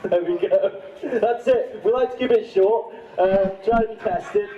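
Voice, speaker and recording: Slow, distant Welsh comedian in an echoey room. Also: male voice, sits high, lo-fi sound. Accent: Wrexham Welsh. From Wales. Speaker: stand-up comedian. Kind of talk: live stand-up comedy. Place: live comedy stage at a university campus event.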